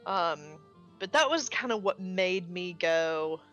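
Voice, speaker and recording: A woman chatting casually on a live gaming stream, expressive and full of filler words and mild swearing. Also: fairly low pitch, slow pace, highs cut off, faint music behind. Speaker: streamer co-host. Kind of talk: casual chat while gaming.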